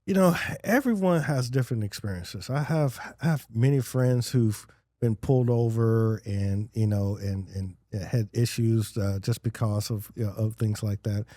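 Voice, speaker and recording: Mellow-voiced guy telling stories on a podcast, rambly, lots of uh's, dry close mic. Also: on the low side, normal speed, no echo. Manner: rambling storyteller, many fillers and restarts, animated quotes. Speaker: guest, business owner. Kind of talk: casual interview chat.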